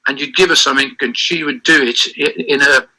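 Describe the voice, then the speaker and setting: A man's voice: mid-range voice, fairly even intonation, fairly quick, pushed and bright, low-quality recording. An older man, giving an interview as a guest and telling long anecdotes with many restarts and self-corrections. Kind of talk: reminiscing interview over a call.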